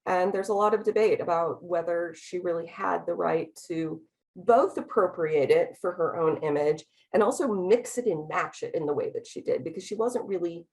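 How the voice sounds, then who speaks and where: A woman giving an academic talk about slides, speaking quickly with many ums and restarts. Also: on the low side, darkish tone, poor audio. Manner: speaks fast. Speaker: lecturer.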